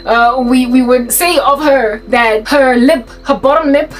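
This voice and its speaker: A woman tells a school story in a casual vlog, animated and laughing often. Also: sits high, unhurried, slight background noise, rough recording. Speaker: YouTuber.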